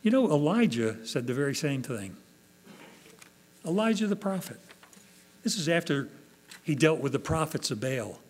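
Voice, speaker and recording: Male pastor, sermon delivery, earnest and expressive, slightly higher pitch, faint hum. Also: normal speed, long pauses. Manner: earnest preaching, acts out quoted prayers with rising emotion.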